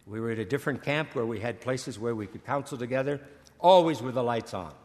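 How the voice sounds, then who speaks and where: An older man preaching a sermon, earnest, stammering and repeating words, slowing and swelling on key phrases. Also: mid-range voice. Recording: long hall reverb.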